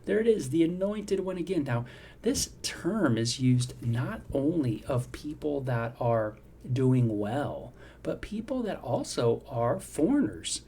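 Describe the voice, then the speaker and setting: Middle-aged male devotional host, mellow and warm, chatty and reflective, faint background ambience. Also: medium pitch, sing-song, takes it slowly, a little hiss or hum. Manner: conversational, reflective, frequent "you know" and "right?". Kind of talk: devotional Bible teaching.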